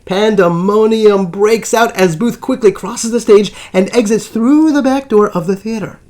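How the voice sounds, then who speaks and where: A man telling a historical story as scripted narration, with dramatic pacing and drawn-out suspense pauses. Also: high-pitched, a little mellow. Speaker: history channel host.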